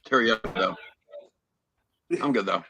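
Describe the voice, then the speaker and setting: A man's voice: on the low side, measured pace, crowd noise. A man telling a rambling story as a guest on a podcast, full of fillers and restarts. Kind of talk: casual chat on a call.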